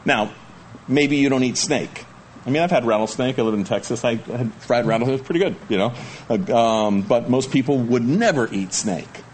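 Male pastor for a sermon: folksy and chatty, middle pitch, reads scripture then riffs with asides, faint hiss underneath. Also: normal speed, darkish tone. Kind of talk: sermon, reading scripture and explaining it.

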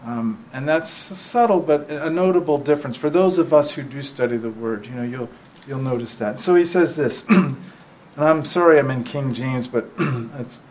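A man preaching a sermon in a conversational way, often checking in with the listeners and reading scripture aloud slowly and with feeling. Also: medium pitch, darkish tone, a little hiss or hum, rough recording.

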